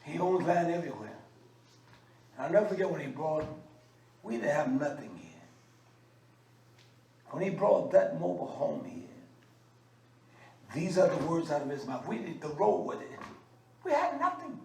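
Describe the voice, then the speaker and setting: Male religious teacher, emphatic and scolding; higher voice; roomy echo with faint background noise. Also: very animated, normal speed, long pauses, dark tone. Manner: emphatic and scolding, with frequent uh fillers. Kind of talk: fiery sermon teaching. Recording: echoey room, mic at a distance, faint background noise.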